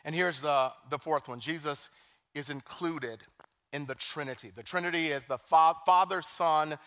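Bright-voiced, animated male pastor preaching. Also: a little high, moderate pace. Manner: animated, rising to loud emphasis, with dramatic hushed scripture quotes. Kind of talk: sermon. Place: church sanctuary.

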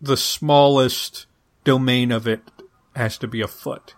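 A man's voice: mid-range voice, steady tone, slow pace. A man co-hosting a podcast, talking through a linguistics topic in a casual, hesitant way, with many fillers and restarts. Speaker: podcast co-host.

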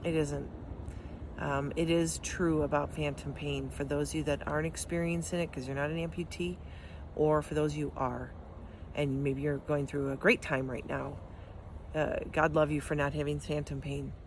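A woman's voice: low voice, flat delivery, moderate pace, slight background noise. A middle-aged woman, an amputee, giving a heartfelt motivational talk, earnest and encouraging, with frequent ums and restarts. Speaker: amputee sharing her experience.

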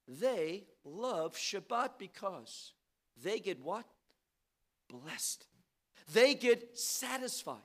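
A man preaching a sermon, asking the audience questions and swinging from quiet asides to loud, stressed points. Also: high voice.

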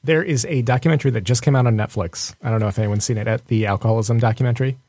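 A man hosting a podcast, talking in a relaxed, sympathetic way in a casual interview. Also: mid-range voice, very fast, slight background noise. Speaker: podcast host.

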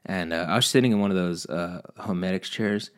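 Low-voiced man telling a rambling story. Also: fairly quick. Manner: rambling, heavy swearing, self-mocking. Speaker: vlogger. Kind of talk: casual storytelling monologue.

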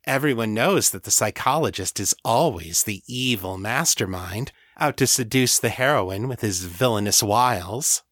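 A man's voice: on the low side, lively intonation, moderate pace, hardly any pauses, fairly bright tone, no room sound, studio quality. A man voicing a wry, guarded young androgyne woman in an audiobook, lifting his voice as he reads her. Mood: teasing. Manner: teasing, raised voice.

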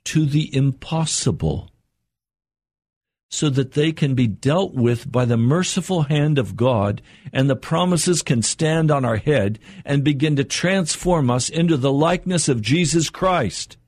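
An older man preaching an earnest radio sermon, his voice climbing higher as he presses a point. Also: measured pace, darkish tone, no echo, studio quality. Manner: earnest, rising in pitch for emphasis and quotes.

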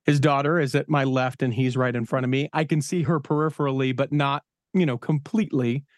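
A man's voice: mid-range voice, brisk, dry recording, clean studio sound. A man, hosting a podcast and telling a story in casual chat, acting out the voices of people in it. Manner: animated storyteller, acts out quoted voices. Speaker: podcast host and DJ.

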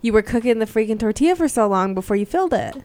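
A woman's voice: a little high, animated, rapid-fire, a little mellow. A woman chatting casually, questioning and teasing. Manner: teasing, questioning, laughs often. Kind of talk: casual chat.

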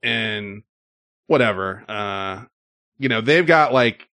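A man's voice: on the low side, lively intonation, slow, bright, forceful tone, no room sound. A man hosting a casual chat, telling rambling stories with many fillers.

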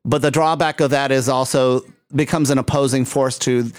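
A man's voice: mid-range voice, fairly even intonation, moderate pace, no echo. A man hosting a casual interview chat, chatty and laughing often, with plenty of fillers. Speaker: host.

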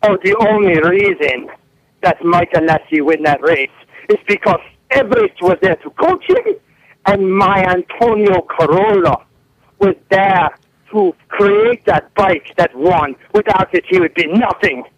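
A man's voice: sits high, animated, unhurried. A man calling in on the phone, putting on a grandiose fake Italian boss who makes threats in broken English. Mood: gloating. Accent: put-on Italian. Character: boastful Italian-accented male team boss caller. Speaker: prank caller. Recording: phone line.

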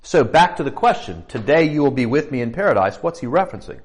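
A man's voice: medium pitch, sing-song, fast. A man preaching as pastor, explaining scripture in a conversational way, with fillers and rhetorical questions. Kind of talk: sermon teaching.

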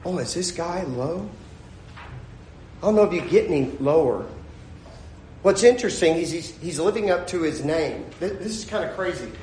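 A male pastor preaching an animated sermon, acting out scenes as he goes, in a church. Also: on the high side, moderate pace, pauses often, slight background noise. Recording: echoey room.

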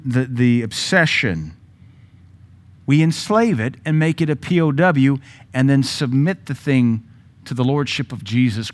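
A male pastor with a Southern American accent preaching a sermon, animated and conversational, with sudden loud commands and mock voices. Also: medium pitch.

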